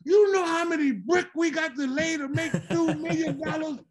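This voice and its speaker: Man putting on a fretful older Southern dad, high-pitched, folksy and pleading. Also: moderate pace. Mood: scolding. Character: older Southern father, quiet brick mason, alarmed.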